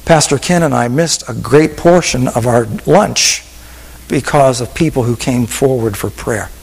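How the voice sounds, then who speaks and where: A male pastor preaching a sermon with an altar call, telling stories in a voice that drops to hushed whispers and rises to emphatic peaks. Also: mid-range voice, measured pace, gravelly, husky, in a large hall, poor audio.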